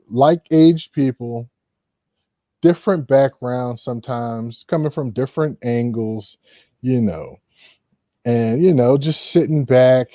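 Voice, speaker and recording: A man's voice: mid-range voice, dry recording. Rambling casual male host. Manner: rambling, full of "you know" fillers. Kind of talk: casual commentary. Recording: dull, lo-fi.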